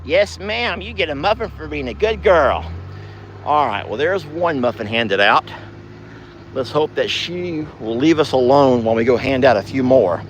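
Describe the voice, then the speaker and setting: This ranch vlogger is animated and speaks at a moderate pace with a fairly bright tone. Filming a casual vlog outside at night, he drawls to viewers and coos at his cows in a high, sing-song voice.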